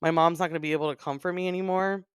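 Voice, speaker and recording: A woman's voice: fairly low pitch, steady tone, very fast, clear, resonant tone, no echo, clean studio sound. A woman co-hosting a podcast, talking earnestly and with feeling about song lyrics and her late parents. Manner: emotional, voice breaking near tears. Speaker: podcast co-host. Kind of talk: casual chat about an album.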